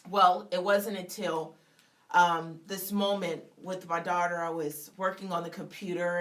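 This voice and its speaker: A woman's voice: on the low side, fairly bright tone. A woman author, a guest on a radio show, giving an emphatic faith testimony in a repetitive, preacher-like cadence and acting out the dialogue in her story. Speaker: author and public speaker, guest.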